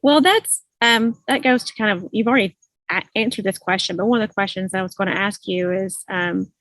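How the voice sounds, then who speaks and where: A woman's voice: mid-range voice, a little fast, fairly bright tone, no room sound. A woman hosting an interview, asking long, rambling, self-correcting questions with many fillers. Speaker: host, interviewer.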